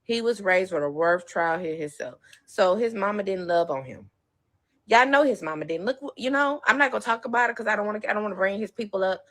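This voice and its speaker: A woman's voice: mid-range voice, lively intonation, brisk, a bit bright. A woman talking on her livestream, tearful, rambling and defensive. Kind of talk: emotional live stream talk.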